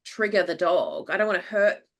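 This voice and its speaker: A woman with an Australian accent hosting a podcast, telling a lively anecdote in casual chat, acting out what people said and laughing often. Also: on the low side, moderate pace. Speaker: podcast host. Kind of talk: casual chat, animated storytelling.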